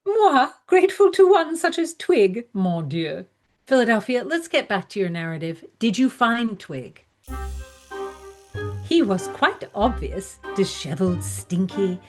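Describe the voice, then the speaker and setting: A woman's voice: mid-range voice, big pitch swings, measured pace, faint music behind. A woman narrating a scripted audio drama in a haughty manner, with archaic phrasing and French interjections. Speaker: narrator and investigator.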